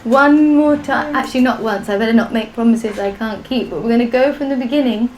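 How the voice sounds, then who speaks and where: A woman's voice: fairly high pitch, fairly quick, darkish tone, slight background noise. A woman teaching a live-streamed class, patiently chanting syllables in a sing-song and joking with her students. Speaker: language teacher. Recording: echoey room with music behind.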